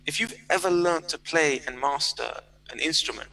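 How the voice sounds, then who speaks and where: A man talking in a loose, animated way as a podcast guest. His voice is very bright and forward, and he tumbles through stories with lots of fillers and restarts. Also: on the high side, normal speed, rough recording. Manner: animated storyteller, fillers and repeated words. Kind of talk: casual interview chat.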